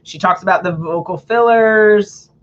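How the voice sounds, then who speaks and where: Chatty, lively woman hosting a book club. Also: mid-range voice, unhurried, highs cut off. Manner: lively, chatty, laughs often, many "like" fillers. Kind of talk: casual livestream talk on public speaking. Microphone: home computer or camera setup.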